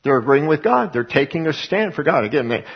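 A man's voice: on the high side, sing-song, brisk, vocal fry, slightly rough, lo-fi sound. A man teaching the Bible as a sermon, who talks emphatically and asks and answers his own questions. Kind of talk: preaching Bible study.

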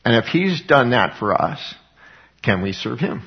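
A man's voice: medium pitch, very animated, unhurried. Man preaching conversationally, dull lo-fi sound. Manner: conversational, voicing scripture quotes dramatically, chuckling often. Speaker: Bible teacher. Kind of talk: informal sermon. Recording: dull lo-fi recording.

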